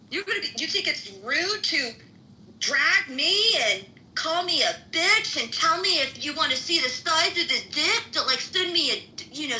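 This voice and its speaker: A woman's voice: sits high, sharp tone, low-quality recording. A middle-aged woman in a live audio chat room, angrily calling someone out, swearing and mimicking others sarcastically.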